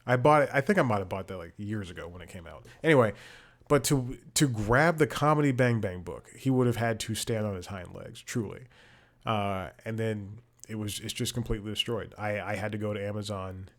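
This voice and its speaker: A man's voice: on the low side, fairly quick. A man hosting a comedy podcast from his home, talking in a rambling, casual way with lots of restarts and exasperated swearing. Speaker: podcast host. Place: home room with bookshelves.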